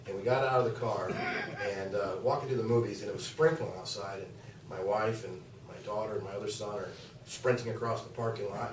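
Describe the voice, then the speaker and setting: A man's voice: on the low side, darkish tone, slight background noise. A middle-aged man speaking as a guest speaker to a club, telling stories in a folksy, rambling way with many restarts. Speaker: guest speaker, youth basketball coach. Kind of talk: casual storytelling speech to a club. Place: meeting room, speaking to an audience. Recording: echoey room, voice from far off.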